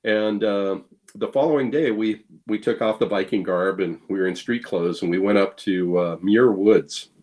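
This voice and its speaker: A man's voice: on the low side, normal speed, a little mellow. A man, a guest blacksmith, telling casual anecdotes full of fillers and restarts, acting out quoted lines. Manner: playful, acts out quoted lines. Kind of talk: casual storytelling chat.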